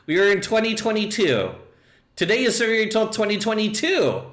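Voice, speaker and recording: A man's voice: big pitch swings, a little fast, fairly bright tone, roomy sound. A man reading aloud as a stubborn AI chatbot that insists it is right, in a stiff, insistent way. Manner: reads stiff, insistent replies, dropping low on sign-offs.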